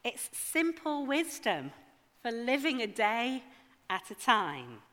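A woman's voice: a little high, very animated, takes it slowly, bright, forceful tone. A woman giving a sermon, conversational with wry asides to her congregation. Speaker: preacher. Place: church. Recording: long hall reverb.

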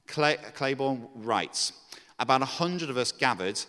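A man preaching a sermon. He reads scripture aloud, then talks in a casual, animated way with fillers and restarts. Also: mid-range voice, measured pace. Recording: long hall reverb.

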